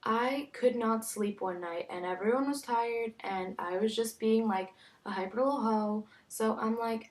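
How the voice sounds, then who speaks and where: Young woman, casual vlog storytelling, chatty, animated, unhurried. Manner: chatty, animated, acts out quotes with big pitch jumps. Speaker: vlogger.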